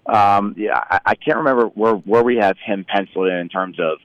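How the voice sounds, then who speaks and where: Low-voiced rambling male correspondent. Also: steady tone, a little fast, hardly any pauses, a bit bright, dry recording, lo-fi sound. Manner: rambling, hesitant with fillers. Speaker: news correspondent. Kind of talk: casual political analysis.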